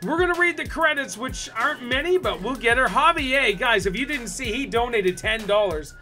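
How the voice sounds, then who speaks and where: A man from Canada chatting excitedly on a live stream, shouting out his viewers. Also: very high-pitched, normal speed, soft background music. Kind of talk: casual live-stream chat.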